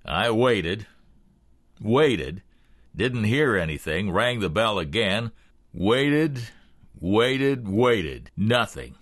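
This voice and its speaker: A man narrating a thriller audiobook in the first person with expressive storytelling. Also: lowish voice, slow, dry recording, studio quality.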